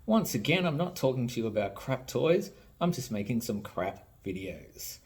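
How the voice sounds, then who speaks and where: A man's voice: medium pitch, big pitch swings, moderate pace, darkish tone. A tired Australian man who makes toys, ranting in a blunt, sarcastic and profane casual vlog. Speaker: toy maker and vlogger. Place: home.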